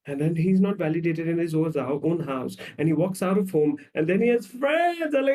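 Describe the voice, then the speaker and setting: A psychologist talks in an animated, storytelling way, slipping into the voices of the people he describes. His voice is fairly high for a man but mellow in tone. He sits back from the microphone, so he sounds a little distant. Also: normal speed, hardly any pauses. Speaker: psychologist guest.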